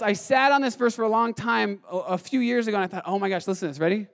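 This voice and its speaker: High-voiced animated male preacher. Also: creaky. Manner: animated, swings from fast and loud to quiet and slow. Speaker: pastor. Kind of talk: sermon.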